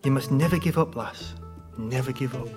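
A man voicing a gentle, calm little old man with a soft Cumbrian accent. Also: mid-range voice, moderate pace, over loud music, close to an everyday voice.

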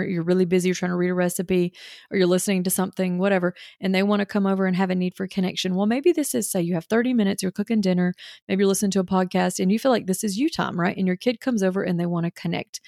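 A woman coaching other mothers in a relaxed, chatty way, stacking up everyday examples and slipping in quick impressions of kids and moms. Her mid-range voice has a gravelly, fried edge. The sound is close and dry, with no room around it. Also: mid-range voice, no room sound. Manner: chatty, full of examples, frequent "you know" fillers; acts out what a child or mother might say. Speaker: parenting mentor for mothers. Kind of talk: casual teaching talk.

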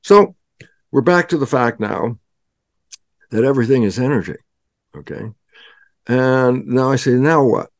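A man's voice: mid-range voice, measured pace, long pauses, no echo. Older male guest, dramatic explainer who acts out his own conversations, dry mic. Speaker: guest scientist. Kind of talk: animated storytelling explanation.

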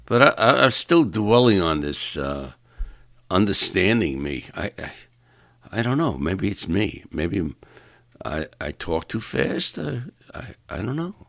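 Exasperated deep-voiced comic ranting. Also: male voice, very animated, a little slow, creaky, a bit bright, dry recording, studio quality. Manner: exasperated, ranting, repeats words when stuck. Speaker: stand-up comedian. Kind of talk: rambling comic monologue.

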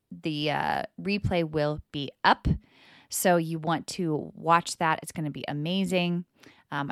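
A woman in her thirties hosting a spiritual self-help podcast, talking candidly and with a lot of swearing, acting out her own past words in lively voices. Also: deep voice, no room sound, studio quality. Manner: candid, profane and animated, quoting herself in lively voices. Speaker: podcast host.

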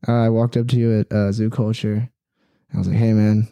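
A man's voice: on the low side, little pitch movement, a little fast, vocal fry, dark tone, clean tone, no echo. A young man chatting casually as a podcast guest, rambling with lots of "like" and "dude". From Philippine heritage.

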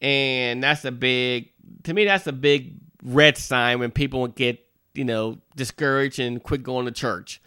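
A man's voice: medium pitch, measured pace, pushed and bright, clear, resonant tone, dry recording, clean studio sound. A man who is a minister, giving a folksy devotional talk to parents in a conversational way, with frequent asides and restarts.

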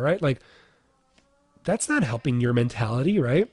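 A man's voice: mid-range voice, big pitch swings, moderate pace, long pauses, breathy edge, dry recording. A man in his thirties, a fitness coach for dads, giving a casual motivational talk, talking in a chatty way full of "like" and "right?".

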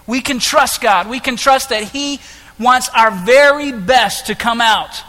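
A man preaching a sermon as pastor, impassioned, moving between hushed lines and loud ones. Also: very high-pitched, a little slow. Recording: echoey hall with long reverb.

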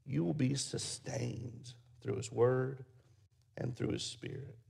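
A man preaching a sermon, telling folksy stories and closing in soft prayer. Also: mid-range voice, takes it slowly, creaky, slightly rough. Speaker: pastor. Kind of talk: sermon with storytelling.

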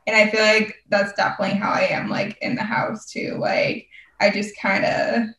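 A woman's voice: mid-range voice, flat delivery, normal speed, a bit bright. Chatty young woman, roomy and distant. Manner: rambling, heavy use of "like". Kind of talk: casual chat.

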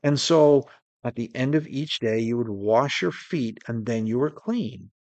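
A man preaching a sermon in an earnest way, slowing down to stress key words. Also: medium pitch, animated, a little mellow, no echo, highs cut off.

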